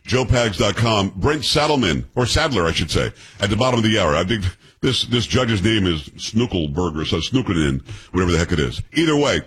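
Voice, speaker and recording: A man's voice: on the low side, sing-song, brisk, a bit bright, husky. Blunt, combative talk radio host in his sixties. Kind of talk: political talk radio monologue.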